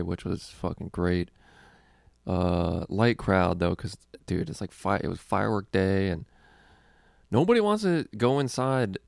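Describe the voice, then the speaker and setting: A young man with a low, gravelly voice chats loosely as a comedy podcast host. He rambles, swears freely and laughs often. The recording is dry and close. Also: no echo. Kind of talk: casual podcast chat.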